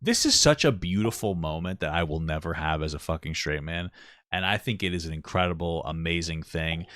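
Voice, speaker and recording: Man, 30s, podcast co-host, blunt and profane, fast talker, dry room. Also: deep voice, no room sound. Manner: blunt and profane, self-deprecating, animated swings in loudness. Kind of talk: casual chat.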